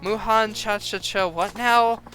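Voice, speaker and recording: A man's voice: on the high side, a little fast, pushed and bright, soft background music. A man voicing a brash, streetwise yakuza man who talks in a slangy, offhand, cocky way, reading game dialogue aloud.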